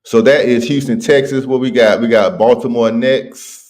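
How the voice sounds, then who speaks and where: A man's voice: mid-range voice, fairly even intonation, moderate pace, a little mellow. A man hosting a casual livestream, talking in slang and reading viewer comments aloud. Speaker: livestream host.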